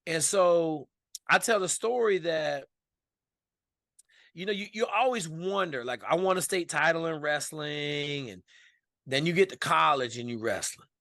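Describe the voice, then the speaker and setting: A man from Washington state, a podcast guest telling a story in casual, animated, profane speech. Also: on the high side, unhurried, gravelly, no echo, clean studio sound.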